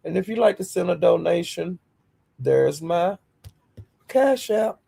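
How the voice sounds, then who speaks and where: Gravelly woman livestreaming. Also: on the low side, animated, unhurried, warm tone. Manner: greets viewers by name, blunt and defiant. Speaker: livestream host. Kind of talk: casual livestream chat.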